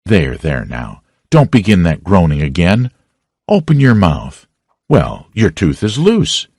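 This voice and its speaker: A man's voice: sits low, wildly swooping pitch, takes it slowly, darkish tone, breathy edge, dry recording, studio quality, exaggerated voice. A man reading an audiobook, voicing a stern but caring older aunt who scolds and fusses. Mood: scolding. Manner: scolding, flustered.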